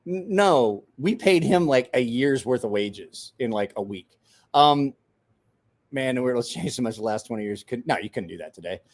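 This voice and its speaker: A man's voice: mid-range voice, animated, moderate pace. A man in his forties, a podcast host telling a rowdy story in casual chat, swearing, laughing and acting out the voices of the people he quotes.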